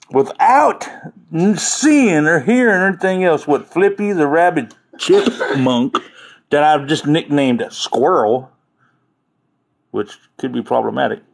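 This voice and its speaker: A man hosts a casual livestream, joking and rambling with his viewers. His voice sits a little high for a man and swings widely in pitch as he talks. He laughs often and keeps the tone loose. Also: expressive, slow, gravelly. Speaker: livestream host chatting with viewers.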